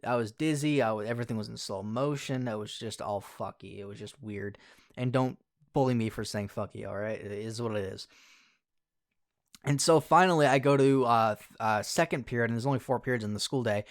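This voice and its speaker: A man's voice: medium pitch, brisk. Rambling, swearing young man telling a story. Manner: rambling, swears a lot, corrects himself often. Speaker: YouTuber. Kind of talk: casual storytelling vlog.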